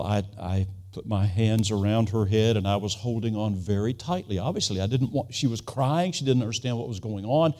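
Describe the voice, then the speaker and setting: A man's voice: on the low side, darkish tone. Earnest man in his sixties preaching. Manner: earnest storytelling, acts out quoted voices. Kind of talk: sermon.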